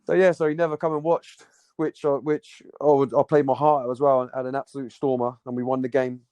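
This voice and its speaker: A man's voice: medium pitch, level tone, fast talker, darkish tone, clean tone, dry recording. A man, a football captain telling stories in a rambling, slangy way as a podcast guest. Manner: rambling, repeats words, slangy banter. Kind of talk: casual storytelling chat. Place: podcast recording.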